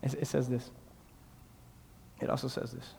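A man preaching a sermon in a church, swinging between shouted, drawn-out lines and quiet, confiding asides. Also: medium pitch, little pitch movement, vocal fry, a little hiss or hum. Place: church sanctuary. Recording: long reverb in a large hall.

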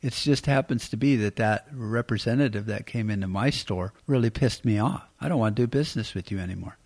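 A man's voice: fairly low pitch, brisk, a little mellow. A middle-aged American man hosting a podcast, giving rambling, blunt political commentary and swearing freely. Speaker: podcast host.

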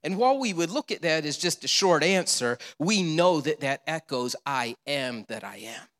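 A male pastor preaching a sermon, animated and storytelling, with rhetorical questions and repeated answers. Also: fairly high pitch, moderate pace, big-room sound.

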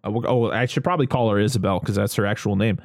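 Speaking rapid-fire in a lowish voice, a man hosts a podcast and casually recaps a film. Frequent laughter and acted-out character lines fill the dry, studio-quality recording.

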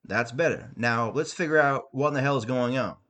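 A man's voice: mid-range voice, fairly quick, a bit bright, lightly acted. A man doing a blustering, muddled dad. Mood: stern.

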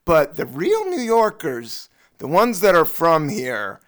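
A man hosting a comedy podcast, chatting casually, enthusiastic and quick to laugh. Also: on the high side, big pitch swings, fairly bright tone. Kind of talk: casual chat.

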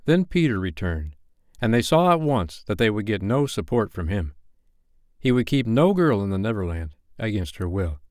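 A man reading a bedtime story aloud, his voice moving widely and expressively. His narration is gently wry, and the sound is close and dry. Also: lowish voice, sing-song, normal speed, no room sound.

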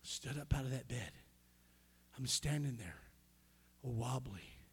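A middle-aged male pastor telling a personal story in a sermon, swinging between hushed near-whispers and loud emotional peaks. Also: medium pitch, lively intonation, measured pace, husky.

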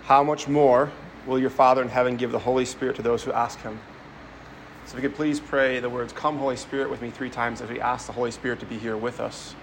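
A Catholic priest delivers a homily in a medium-pitched voice over background noise. He speaks conversationally, telling stories and frequently repeating words as he goes.

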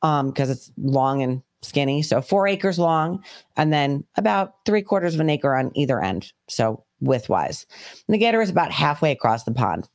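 A woman co-hosting a podcast, telling a story in casual chat, animated and swearing freely. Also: deep voice, normal speed. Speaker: podcast co-host.

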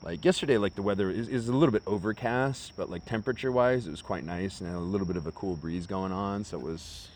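A man's voice: sits low, fast, hardly any pauses, darkish tone. An American man chatting casually as podcast co-host outdoors in a park, rambling through stories and swearing freely. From United States. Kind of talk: casual chat.

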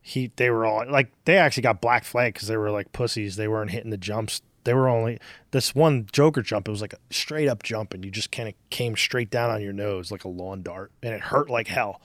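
A man's voice: lowish voice, a little fast, no echo. A man in his forties hosting a podcast, telling rambling, profane stories in casual chat. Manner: rambling, profane, animated storytelling. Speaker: podcast host.

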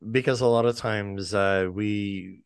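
A man co-hosting a conversation show, with a somewhat low voice. He speaks in a measured, reflective way and asks thoughtful questions. The recording is dry and close. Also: steady tone, smooth, dry recording. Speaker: podcast co-host. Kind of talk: casual conversation.

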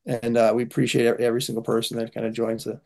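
Male guest, mid-pitched and gravelly, earnest, halting delivery. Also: completely flat delivery, darkish tone. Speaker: guest, organization founder. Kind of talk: interview conversation.

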